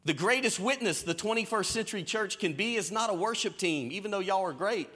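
Bright lively high-voiced preacher man. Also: a little fast. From American South. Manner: lively storytelling preacher, folksy Southern phrasing. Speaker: pastor. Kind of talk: sermon. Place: church stage.

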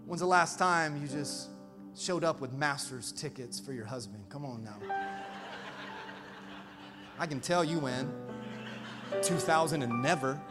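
A man in his thirties preaching a sermon as pastor, energetic and animated, calling out to the congregation. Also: a little high, measured pace, pauses often. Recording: reverberant hall, faint music behind.

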